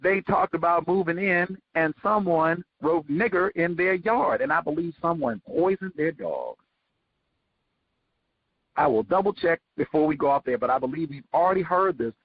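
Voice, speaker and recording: A man hosting a book study show, giving sarcastic, animated commentary as he reads. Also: on the high side, normal speed, slightly rough, no room sound, highs cut off. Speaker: host.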